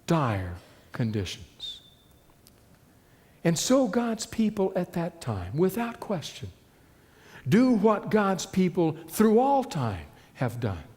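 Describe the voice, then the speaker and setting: A man preaching a sermon in a storytelling way, often dropping to a hushed voice for emphasis. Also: high-pitched, wildly swooping pitch, slow pace. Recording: long reverb of a large hall.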